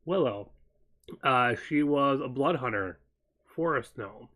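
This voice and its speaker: A man co-hosting a casual chat show, wandering through his thoughts and pausing to recall details. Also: mid-range voice, lively intonation, fairly bright tone. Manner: meandering, stops to recall details mid-sentence.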